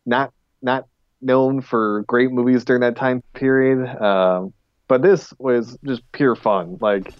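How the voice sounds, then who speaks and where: Man, podcast co-host, rambling casual chat, mid pitch, dull dry recording. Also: steady tone, slow, clear, resonant tone, no echo. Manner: rambling, full of "like" and restarts.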